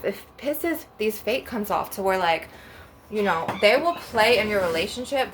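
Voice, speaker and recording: A woman's voice: medium pitch, a bit bright, a little hiss or hum. A young woman rambling bluntly and profanely through a casual storytime rant on her spiritual channel. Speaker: spiritual vlogger.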